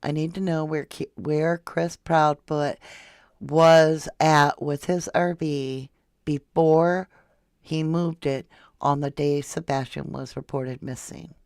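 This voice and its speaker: A woman's voice: sits low, fairly even intonation, slow pace, a little mellow, smooth, dry recording, clean studio sound. A woman from Florida hosting a casual true crime livestream, chatting and reading viewer comments aloud. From Florida, USA. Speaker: true crime channel host.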